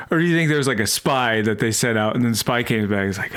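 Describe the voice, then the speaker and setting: A man's voice: medium pitch, fast, hardly any pauses. Wry man reading scripture. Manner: wry, deadpan reading with playful jokes. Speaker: podcast co-host. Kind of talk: casual comedic Bible discussion, reading passages aloud.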